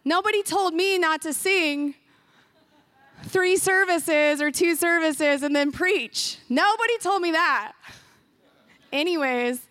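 High-voiced woman preaching emphatically. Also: slow pace, a bit bright, dry recording. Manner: earnest, emphatic preaching with repeated phrases. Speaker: pastor. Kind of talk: sermon. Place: church sanctuary.

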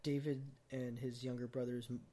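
A man's voice: mid-range voice, flat delivery, moderate pace, dark tone. A man hosting a podcast, chatting casually about a film and piling on cast trivia with plenty of ums. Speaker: podcast host. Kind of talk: casual movie chat.

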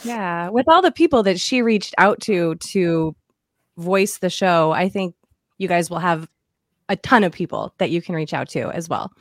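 A woman's voice: on the low side, animated, moderate pace, dry recording, studio quality. A woman hosting a podcast, asking her guests curious questions in a casual chat. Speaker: podcast interviewer.

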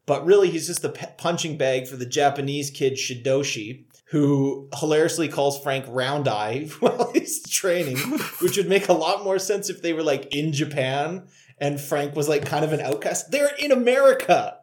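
A man's voice: fairly high pitch, normal speed, darkish tone. A man co-hosting a casual comedic movie review chat, laughing often and joking in mock courtroom banter. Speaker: podcast co-host.

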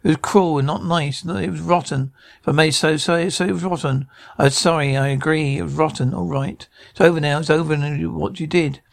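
A man's voice: fairly high pitch, fairly even intonation, brisk, gravelly. An actor playing an irritable middle-aged man who squabbles in sitcom dialogue, stammering and restarting. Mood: apologetic. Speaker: sitcom character.

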